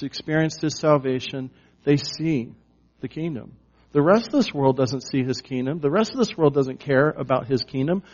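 A man's voice: on the high side, a little mellow, lo-fi sound. A man preaching a teaching sermon in a conversational, emphatic way with many fillers. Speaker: pastor.

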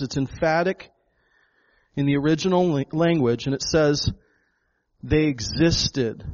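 A man's voice: on the high side, darkish tone, lo-fi sound. A pastor preaching a sermon to his congregation, emphatic, often repeating words and calling them folks. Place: church hall with a congregation.

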